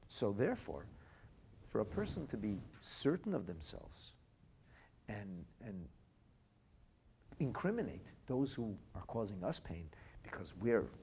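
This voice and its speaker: A man giving a podcast Torah lecture, an expressive storyteller who moves from quiet to loud and weaves in Hebrew and Aramaic phrases. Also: lowish voice, unhurried, creaky, pauses often, slight background noise. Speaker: Torah teacher.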